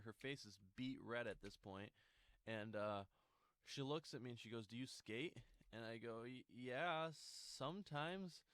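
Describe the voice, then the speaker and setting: A man's voice: medium pitch, fairly bright tone, clean tone, no room sound. A young man telling a casual storytime, rambling with lots of fillers and restarts.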